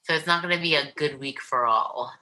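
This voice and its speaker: A woman's voice: sits low, fairly quick, bright, forceful tone, poor audio. A woman chatting casually in an easygoing way, laughing at herself. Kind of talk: casual chat.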